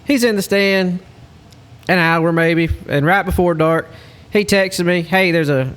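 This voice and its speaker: A man, a hunting lodge guide, telling a story in a casual, animated way. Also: high voice, measured pace, clean tone. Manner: animated storyteller, Southern-style speech.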